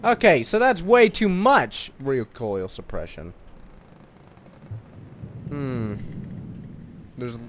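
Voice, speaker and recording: Lively man narrating his gameplay. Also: mid-range voice, very slow, long pauses, slight background noise. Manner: muttered thinking aloud, bursting into excited shouts and laughter. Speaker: gaming channel host. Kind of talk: let's play commentary.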